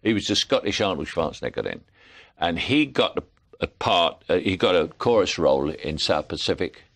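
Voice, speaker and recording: An older man with a London Cockney accent speaks in a very low voice that still rises and falls a lot. He tells anecdotes as an interview guest, often laughing and slipping into other people's voices. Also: sing-song, moderate pace, vocal fry, a bit bright. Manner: storytelling, laughing, puts on voices in quotes. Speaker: actor guest.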